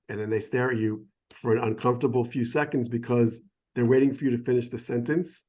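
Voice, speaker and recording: A middle-aged American man works as a sommelier and talks in a relaxed, enthusiastic way. He rambles and keeps breaking off his own sentences. His voice sits in an ordinary middle pitch. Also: brisk. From United States. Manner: enthusiastic, digressive, self-interrupting. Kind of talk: casual explanatory chat. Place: phone or remote call.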